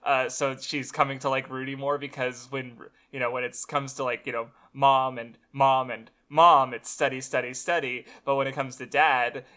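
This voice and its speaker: A man in a casual book discussion who talks haltingly, with many pauses and fillers, and laughs along. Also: medium pitch, level tone, bright, forceful tone. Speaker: podcast co-host.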